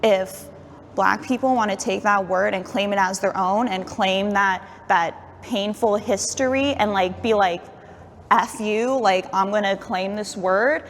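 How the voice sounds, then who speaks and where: Firm woman with a gravelly voice. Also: medium pitch. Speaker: panel participant. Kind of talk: casual group discussion. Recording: roomy reverb with faint ambient noise.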